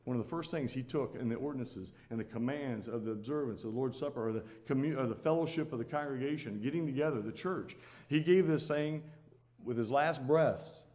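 Guy preaching a sermon, earnest, keeps repeating lines for emphasis, mid pitch. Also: brisk, a little mellow. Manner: earnest, repeats phrases for emphasis, rises to exhort.

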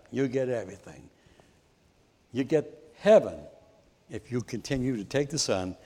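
A man's voice: medium pitch, a little mellow. A male preacher telling a story within a sermon and earnestly appealing to the audience, recorded in a church with a long hall reverb.

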